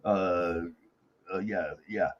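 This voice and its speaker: A man rambling and effusive in a casual live-stream chat, halting with fillers. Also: deep voice, dull audio, over a noisy crowd. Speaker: panel guest.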